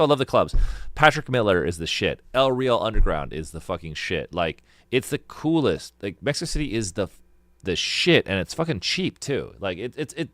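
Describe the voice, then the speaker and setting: An American man hosting a call-in chat, loose, profane and excitable. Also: sits low, dry recording. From United States. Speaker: band member hosting a call-in stream.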